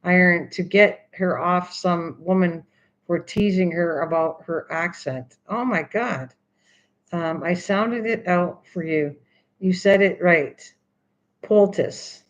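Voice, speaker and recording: A woman's voice: fairly low pitch, highs cut off. An older woman hosting a craft video, chatting casually and teasingly, repeating words over and over while she works.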